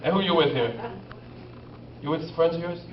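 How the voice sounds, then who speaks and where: A man's voice: fairly high pitch, normal speed. A man doing stand-up crowd work, teasing the audience in a brash, profane way. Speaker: stand-up comedian working the crowd. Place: comedy club stage at a casino. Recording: lo-fi, roomy club audio heard from a distance. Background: crowd laughing and cheering.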